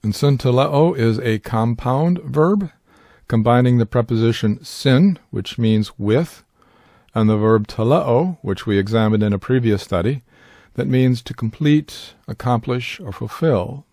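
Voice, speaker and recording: A man giving a scripted Bible word study, speaking in a measured, deliberate way and pronouncing Greek terms with care. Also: medium pitch, animated, dark tone, no echo, clean studio sound. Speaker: Bible teacher.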